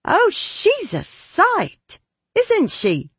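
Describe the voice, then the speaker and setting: A man voicing an excitable, chatty young woman who speaks in eager, high exclamations in a storybook. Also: a little slow, dry recording, exaggerated voice.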